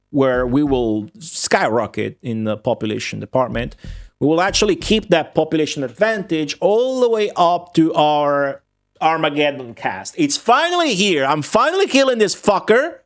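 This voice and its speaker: A young man streaming a strategy game, talking to viewers in excitable commentary full of swearing. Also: a little high, dry recording, studio quality. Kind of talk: casual gameplay commentary.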